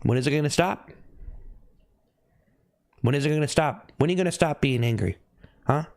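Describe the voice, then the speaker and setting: A man live streaming who teases his chat with repeated needling questions and breaks into sudden high yelps. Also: normal speed, a little mellow. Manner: teasing, repetitive needling questions.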